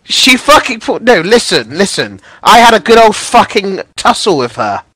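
A man streaming games, brash, excitable and swearing a lot. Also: high voice, normal speed, no echo. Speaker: game streamer. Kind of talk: casual livestream chat.

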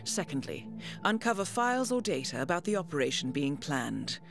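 A woman voicing a calm female mission handler in a video game, giving a scripted briefing in a measured, formal way over music. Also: deep voice.

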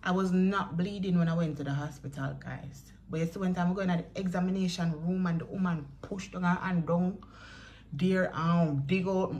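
A woman's voice: on the low side, steady tone, normal speed, darkish tone, slight background noise. Jamaican woman telling a story to her viewers. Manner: chatty, addresses viewers directly, acts out quoted voices. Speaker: vlogger. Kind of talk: storytelling vlog.

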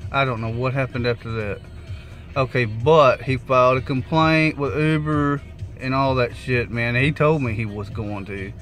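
Man, casual vlog storytelling, bright forceful voice, sweary and animated, faint music behind. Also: medium pitch, moderate pace. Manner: animated, swears freely, acts out quotes. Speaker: rideshare driver vlogger.

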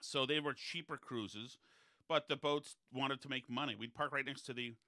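Bright-voiced man telling rambling stories. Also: mid-range voice, steady tone, normal speed, no echo, clean studio sound. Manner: digressive, chatty anecdote-telling. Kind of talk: casual podcast chat.

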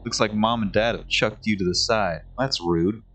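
Grudging game older sibling, gruff and low, read out by a man. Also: normal speed, fairly bright tone. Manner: gruff, grumbling.

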